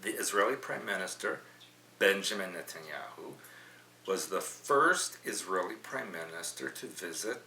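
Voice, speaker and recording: A man's voice: low-pitched, lively intonation, moderate pace, pushed and bright. A middle-aged man hosting a news podcast, reading quotes aloud and adding opinionated asides. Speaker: podcast host. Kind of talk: news commentary chat. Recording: roomy, slightly distant mic with faint hum.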